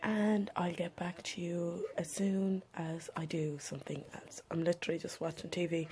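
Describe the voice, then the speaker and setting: A woman's voice: on the low side, background noise. A woman chatting casually in a daily vlog, upbeat and dropping to whispers at times. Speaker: vlogger.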